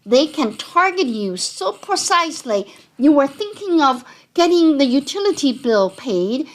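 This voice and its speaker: High-voiced accountant woman explaining scams. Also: a little slow. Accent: non-native. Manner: conversational, animated, explanatory. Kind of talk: educational talk.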